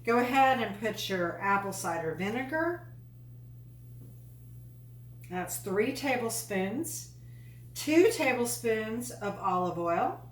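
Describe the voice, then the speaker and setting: Cooking host, woman, unhurried and chatty, enthusiastic home cook, recorded a bit far from the mic in an echoey kitchen. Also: on the high side, big pitch swings, a little hiss or hum. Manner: chatty, enthusiastic, folksy asides. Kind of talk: casual cooking demonstration. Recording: echoey room, mic at a distance.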